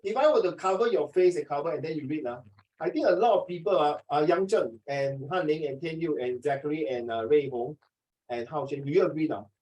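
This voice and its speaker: A man's voice: a little high, fairly quick, a little mellow, rough recording. A man, tutoring a class in a chatty, teasing way and slipping into Mandarin now and then. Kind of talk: online class teaching.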